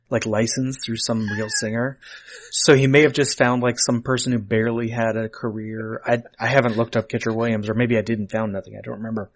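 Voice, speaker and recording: Playful man hosting a podcast. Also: mid-range voice. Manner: playful, teasing. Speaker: podcast host. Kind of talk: casual podcast chat.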